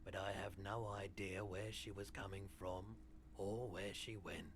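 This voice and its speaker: A man's voice: deep voice, steady tone, unhurried, background noise. A man voicing a polite, cautious pawnbroker in a video game, speaking courteously and businesslike. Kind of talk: game voice acting.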